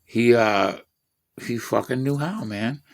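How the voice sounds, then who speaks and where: A man's voice: medium pitch, takes it slowly, creaky. A man in his fifties telling rambling personal stories in a profane, boastful, meandering way. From Washington State, USA. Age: 50s. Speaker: vlogger.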